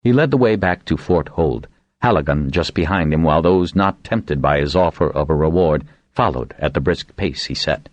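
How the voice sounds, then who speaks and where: A deep-voiced man narrates a scripted audiobook at a moderate pace on a dry recording. His reading has lively, varied intonation, and he raises his pitch when voicing quotes.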